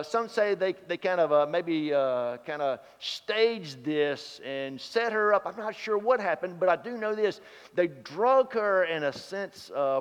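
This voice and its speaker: A man preaching a sermon, telling stories and swinging from loud to hushed. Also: high voice. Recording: dull sound in a reverberant hall.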